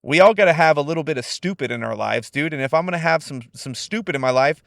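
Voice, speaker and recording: Brief: young man from California, slightly higher voice, dry close podcast sound, swears freely while chatting. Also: quick pace, vocal fry, few pauses, no echo. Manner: profane, laid-back and animated. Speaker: podcast host. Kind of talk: casual solo podcast monologue.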